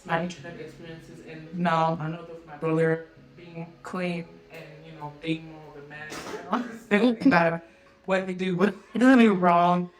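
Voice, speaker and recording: A woman's voice: on the low side, rough recording. A young woman telling personal stories in casual conversation as a podcast guest, laughing often and using many fillers. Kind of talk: casual storytelling.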